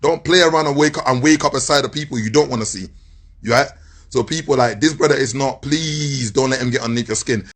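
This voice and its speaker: A man with a husky voice speaking directly to his people, calmly urging them to keep their composure. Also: medium pitch, fast talker. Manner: calm, appealing for composure. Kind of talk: direct appeal video.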